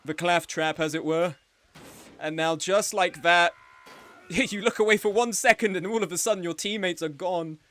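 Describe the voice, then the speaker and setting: Young male esports commentator, slightly high voice, chatty and playful live play-by-play. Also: normal speed, fairly bright tone. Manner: chatty and joking, with frequent laughs. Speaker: game tournament commentator and streamer.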